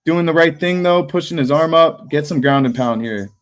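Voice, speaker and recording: A man's voice: fairly high pitch, normal speed. A young man hosting a live fight watch party, talking casually and bluntly with slang and swearing. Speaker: livestream host.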